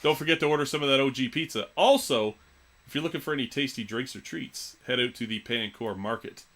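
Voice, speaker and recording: A man's voice: mid-range voice, a little fast, fairly bright tone. A man hosting a live sports card auction stream, joking loosely between calls of prices. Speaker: live card break host.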